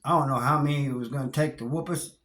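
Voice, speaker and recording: A man's voice: mid-range voice, quick pace, a bit bright. A man casually telling a story about his time in prison, plainspoken and loose, with slang, wry chuckles and lots of "you know.". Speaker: vlogger recounting prison experiences. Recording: roomy echo.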